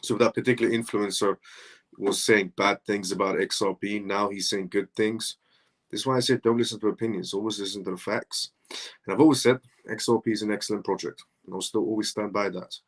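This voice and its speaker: A man's voice: on the low side, fairly even intonation, a little fast. A man hosting a crypto news live stream, talking casually and chatting to viewers, often repeating "essentially". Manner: greets chat viewers by name one after another.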